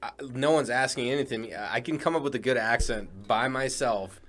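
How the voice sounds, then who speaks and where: A man's voice: mid-range voice, moderate pace, a bit bright. A man from Colorado co-hosting a podcast, talking hesitantly and repeating words. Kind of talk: casual podcast chat.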